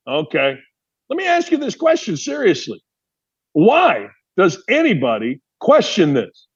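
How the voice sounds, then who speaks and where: A man's voice: on the high side, huge pitch swings, normal speed, husky, dull audio. A man from Indiana hosting a sports talk show, delivering an emphatic opinion monologue full of rhetorical questions.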